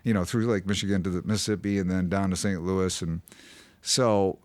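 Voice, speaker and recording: A man's voice: sits low, steady tone, a little fast, a little mellow, no echo. A male singer-songwriter, a guest in a radio studio, singing a ballad and then telling its story in a rambling way full of filler words. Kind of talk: sung ballad with guitar, then chatty storytelling. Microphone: studio microphone. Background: his own guitar.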